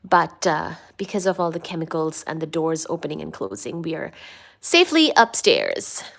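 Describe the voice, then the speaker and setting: A woman's voice: big pitch swings, normal speed, gravelly, a bit bright. A woman chatting casually on a home live stream, greeting viewers and reading their comments aloud. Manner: reads viewer comments aloud, coos to her cats in a high baby voice. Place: home, upstairs room.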